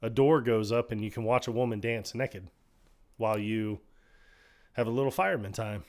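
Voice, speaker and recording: A man co-hosting a casual podcast, retelling film scenes with lively acted-out quotes and laughter. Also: fairly low pitch, normal speed. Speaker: podcast co-host. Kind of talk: casual chat.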